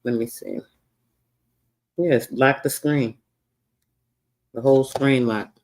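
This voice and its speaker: A man's voice: mid-range voice, slow pace, darkish tone. Casual man hosting a frustrated livestream. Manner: frustrated, swearing, reading records aloud. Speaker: livestream host.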